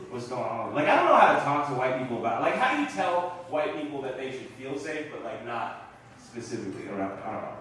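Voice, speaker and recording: A young man doing a stand-up set in a small comedy theater, animated and loud when he acts out lines to the crowd. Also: mid-range voice, fast, heavy reverb, distant mic, heavy background noise.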